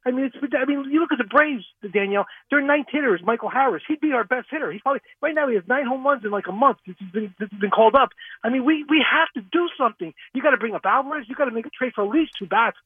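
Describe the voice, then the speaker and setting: A frustrated man calls in to sports radio and rants at high speed in a high, husky voice. He comes through a tinny phone line. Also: expressive, very fast, no echo. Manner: frustrated, ranting. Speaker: caller. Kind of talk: call-in rant.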